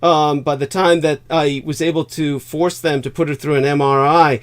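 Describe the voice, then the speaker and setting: A man hosting a casual livestream chat, halting and rambling, with many fillers and bursts of laughter. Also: fairly high pitch, flat delivery. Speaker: livestream host.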